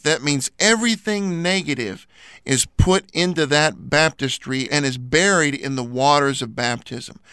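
A man's voice: on the high side, a bit bright, smooth, no room sound. A man co-hosting a Christian program, explaining a teaching in an earnest, scripted way. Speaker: radio program co-host.

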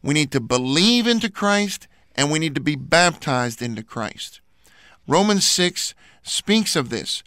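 A man's voice: a little high, sing-song, unhurried, pushed and bright, no echo. A man co-hosting a Christian program, explaining a teaching in an earnest, scripted way. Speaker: radio program co-host.

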